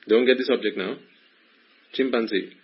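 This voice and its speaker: A man's voice: mid-range voice, normal speed, breathy edge, dull audio. A man giving a Buddhist teaching to a small group, questioning his listeners in a playful, probing way. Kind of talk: Dhamma talk to a small group.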